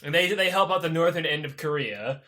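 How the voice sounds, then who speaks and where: Brief: male co-host, high lively voice, profane, rambling comic history retelling. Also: fairly quick. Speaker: podcast co-host. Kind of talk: casual comedic history retelling.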